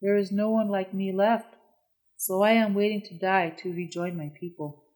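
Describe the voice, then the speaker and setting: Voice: mid-range voice, fairly even intonation, moderate pace, darkish tone, lightly acted, rough recording. Narrator doing sad lonely young woman, plaintive, storybook. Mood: grieving. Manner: sorrowful, plaintive. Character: grieving lonely young woman, last of her people.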